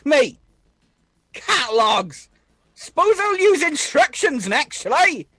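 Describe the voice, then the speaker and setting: A woman's voice: high voice, no room sound. A woman voicing a tiny, boastful male alien engineer in a tabletop role-play, blustering and calling everyone mate. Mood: indignant.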